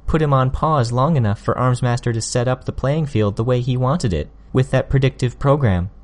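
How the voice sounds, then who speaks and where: A man voicing a sly, sharp-tongued teenage girl villain in an audiobook, smug and needling. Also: medium pitch, natural voice. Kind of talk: audiobook character voice.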